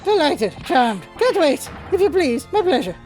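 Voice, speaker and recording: A woman's voice: a little high, big pitch swings, normal speed, dark tone, faint music behind. A woman voicing a fawning, middle-aged English male police inspector who rambles in a flustered, over-polite way, with an English accent. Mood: gushing.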